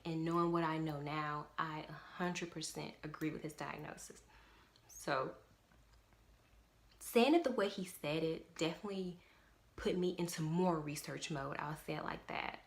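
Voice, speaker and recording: A woman's voice: on the low side, creaky. Earnest young woman vlogging. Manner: earnest, emphatic, repeats "definitely". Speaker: parent vlogger. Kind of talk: casual talk to camera.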